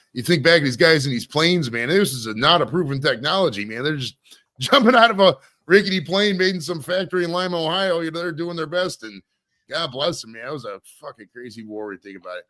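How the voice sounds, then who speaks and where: A man's voice: mid-range voice, animated, fairly quick, pushed and bright. A man in his forties hosting a podcast interview, rambling casually, swearing and laughing often. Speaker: podcast host.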